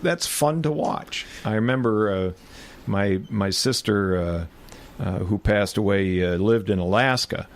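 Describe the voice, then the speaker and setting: Lowish older man telling rambling stories. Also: a little slow. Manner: rambling anecdotes, self-deprecating humor, many filler restarts. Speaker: retired band director. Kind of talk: oral history interview.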